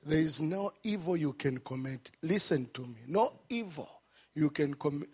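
A man preaching a sermon. He swings from shouted peaks to hushed, low passages and repeats phrases for emphasis. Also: animated, moderate pace, slightly rough.

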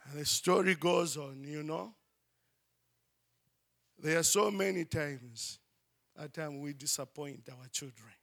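A man preaching and telling a story in an animated way, often using "you know" and "I mean". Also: fairly high pitch, slow, creaky, long pauses. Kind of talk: sermon storytelling.

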